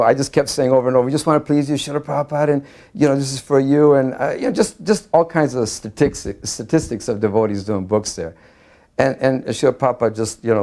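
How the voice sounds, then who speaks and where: A man earnestly recalling a personal memory, halting often with fillers and restarts. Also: medium pitch, dark tone. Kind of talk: recorded personal reminiscence.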